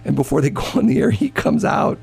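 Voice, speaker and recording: A man's voice: sits high, big pitch swings, fairly quick, creaky, darkish tone, husky. A man hosting a morning radio show, telling stories in casual on-air chat with a rambling, stammering manner. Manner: rambling storyteller, stammers and repeats words. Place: radio studio.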